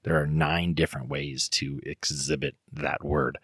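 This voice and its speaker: Very deep-voiced man, husky and dry. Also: a little slow, dry recording. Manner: relaxed storytelling with fillers. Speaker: guest. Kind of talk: casual podcast chat.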